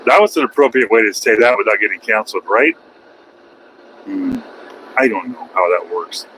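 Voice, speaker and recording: Trucker, rambling opinionated vlog talk from the cab, bright forceful tone, light road hum behind. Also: male voice, fairly low pitch, lively intonation, normal speed, rough recording. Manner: opinionated, rambling, wry asides. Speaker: truck driver vlogger. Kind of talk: casual rambling monologue.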